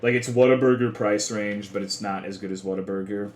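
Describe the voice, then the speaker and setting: A man's voice: on the low side, fairly even intonation, brisk, darkish tone, a little hiss or hum. A young man livestreaming, chatting casually with his chat in profane, rambling, half-joking rants. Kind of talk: casual live-stream chat. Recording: echoey room.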